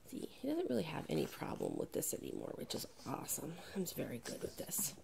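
A woman's voice: sits low, wildly swooping pitch, fairly quick, gravelly, few pauses, background noise. A woman talking casually to a puppy during training, in coaxing baby talk full of praise, often dropping into whispers. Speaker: dog trainer.

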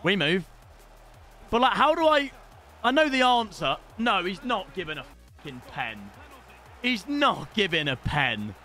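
A young British man streaming his gameplay, his voice pitched high and bouncing all over the place as he reacts. The tone is bright and sharp, with casual swearing and sudden shouts. Faint game music plays underneath. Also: measured pace, long pauses. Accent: British English. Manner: excitable, swears casually, shouts at big moments. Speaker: gaming streamer. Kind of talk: live gameplay commentary.

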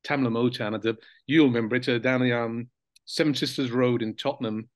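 Brisk and mid-range, the voice belongs to an older man, once a footballer, now a guest in a laid-back interview about old times. There's no echo, and he reflects easily, with frequent ums and quiet laughter.

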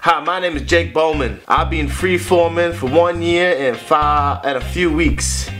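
Man doing a worried young guy, put-on accent, earnest email read-out, slightly high voice, guitar music behind. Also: a little slow, fairly bright tone.

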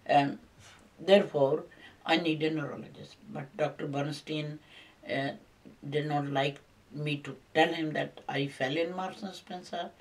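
An older man telling a personal complaint at length, halting and repetitive, with many fillers. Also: a little high, far from the mic, poor audio.

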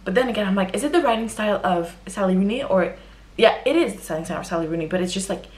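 A young woman talking casually to camera about books, chatty and expressive, with quick exaggerated exclamations. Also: medium pitch. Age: young adult. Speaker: book vlogger. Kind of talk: casual book review monologue.

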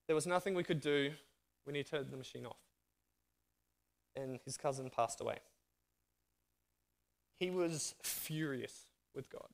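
Australian man telling a sermon story. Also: fairly high pitch. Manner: lively storyteller, acting out dialogue. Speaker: guest speaker.

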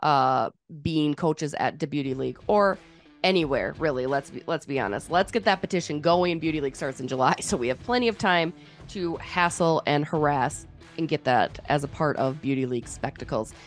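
A woman's voice: deep voice, moderate pace, soft background music. A woman hosting a sports podcast, chatting casually with a playful, teasing and opinionated manner. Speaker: podcast host.

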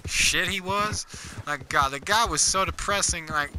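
An excitable man rambling through let's play commentary, with a very bright, forceful voice. Faint game noise sits behind him. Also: sits high, a little slow. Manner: excitable, rambling gamer chatter. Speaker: gaming YouTuber.

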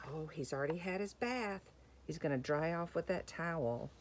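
A woman reading a picture book to young children, gentle and slow, asking questions about the pictures. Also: low voice, slight background noise. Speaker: children's story time reader.

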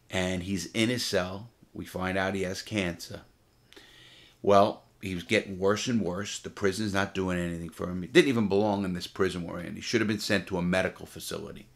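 A middle-aged man with a low voice tells a story from his time in prison. He speaks bluntly and profanely, in a loose, casual way. He hammers his points home by repeating them. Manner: blunt, profane, emphatic retelling with repeated phrases.

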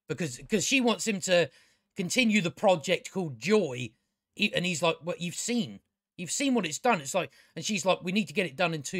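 A man's voice: on the high side, a bit bright, no echo, studio quality. Chatty man rambling through a review. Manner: chatty, frequent restarts, swears casually. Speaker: TV review channel host.

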